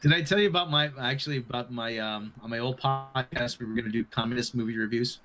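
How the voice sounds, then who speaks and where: A man's voice: medium pitch, fast talker, music in the background. A man co-hosting a casual live-stream chat, rambling through a story with frequent restarts. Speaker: co-host.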